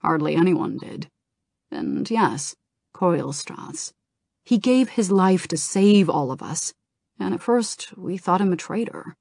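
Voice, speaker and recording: A gentle, wise male dragon in human form speaks with compassion, as a woman reader puts him on. The delivery is slow and fairly low, with a dry, close sound. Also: big pitch swings, creaky, dry recording, heavily acted. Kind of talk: audiobook reading.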